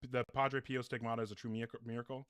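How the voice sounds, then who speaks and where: A man's voice: medium pitch, flat delivery, fast talker, a bit bright, smooth, dry recording, clean studio sound. A man hosting a live call-in debate stream, bluntly questioning callers and restating their premises.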